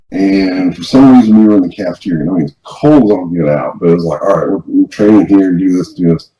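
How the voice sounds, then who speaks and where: A man with a low, warm voice tells a personal story in a loose, rambling way, often circling back and restarting his sentences. He sounds casual and conversational. His voice carries a roomy echo and a dull, lo-fi edge. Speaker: podcast co-host.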